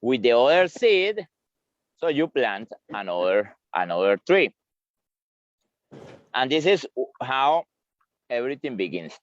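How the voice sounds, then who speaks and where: A man giving a tour guide's outdoor talk on a farm, halting and repeating words as he explains. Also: mid-range voice, sing-song, dry recording. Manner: halting, repeats words, chuckles while eating. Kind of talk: live virtual tour explanation. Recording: dry, slightly dull lo-fi sound.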